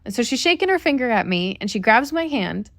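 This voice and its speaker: Gravelly-voiced woman telling a heartfelt story. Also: a little high, very animated, fairly quick, no room sound, clean studio sound. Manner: earnest, reflective storytelling with acted quotes. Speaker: podcast co-host. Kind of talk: casual storytelling chat.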